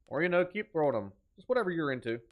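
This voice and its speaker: Brief: male horror-game streamer, slightly high voice, playful and energetic. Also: fast talker, phone-quality sound. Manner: energetic, joking, teasing chat. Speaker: streamer host. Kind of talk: live horror-game commentary.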